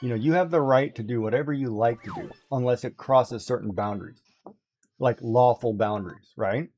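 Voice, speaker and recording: A man chatting casually on a livestream, telling animated stories, laughing often and mimicking others. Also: mid-range voice, moderate pace, slight background noise. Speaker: guest on a craft livestream. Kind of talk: casual chat.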